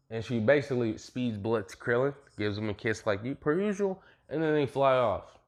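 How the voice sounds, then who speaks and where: A man's voice: medium pitch, expressive, moderate pace. A young adult man casually retelling a fan what-if story, rambling, profane and full of slang.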